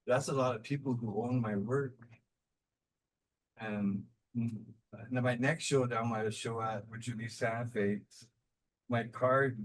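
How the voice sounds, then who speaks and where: A man from New Mexico, an artist guest talking casually on a video call, relaxed and rambling with many fillers and repeated words. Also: mid-range voice, poor audio. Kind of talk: casual online talk.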